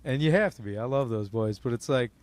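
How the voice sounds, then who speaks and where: A man's voice: mid-range voice, a little fast, darkish tone, no room sound. A man co-hosting a casual comedy podcast, loose and profane, laughing often and slipping into joke voices. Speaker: podcast co-host.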